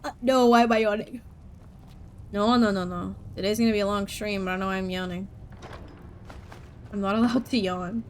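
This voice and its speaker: A woman's voice: medium pitch, fairly even intonation, moderate pace, long pauses, darkish tone, slight background noise. A young woman streaming a game, chatting casually, giggling and reacting to chat as she plays. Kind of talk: casual gameplay commentary.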